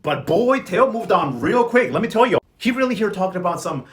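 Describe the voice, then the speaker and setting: Sassy fast-talking young man. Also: high-pitched. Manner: sassy, slangy, animated commentary. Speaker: recap vlogger. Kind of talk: fast casual show recap with acted quotes.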